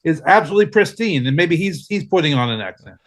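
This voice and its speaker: A man's voice: fairly high pitch, animated, fast. A man on a casual discussion panel, rambling and hesitant with many fillers.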